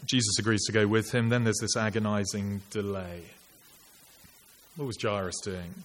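A man's voice: lowish voice, fairly even intonation, normal speed. A man preaching a sermon in an earnest, reflective, conversational way, posing rhetorical questions to his listeners. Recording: long church reverb, faint hiss.

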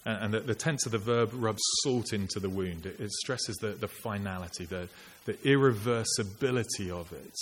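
A man with a lowish voice at normal speed preaches a sermon, earnest, reflective and conversational, posing rhetorical questions to listeners. The recording has long church reverb and faint hiss.

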